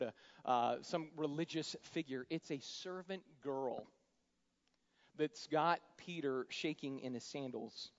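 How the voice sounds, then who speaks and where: A man preaching a sermon, animated, acting out scripture characters in shifting voices. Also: a little high. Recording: dull sound with long hall reverb.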